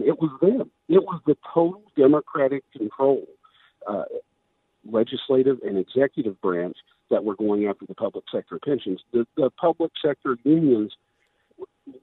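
Hoarse man on a tinny phone line. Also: medium pitch, no room sound. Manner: emphatic, persuasive, with many restarts. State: losing his voice. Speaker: candidate for governor. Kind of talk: radio interview.

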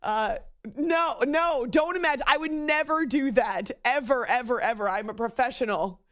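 A woman hosts a late-night sports radio show into a studio microphone. She talks in a loose, chatty way, makes fun of herself and breaks into little giggles. Her voice sits a bit higher than most. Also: normal speed, fairly bright tone. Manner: chatty, self-mocking, giggly asides.

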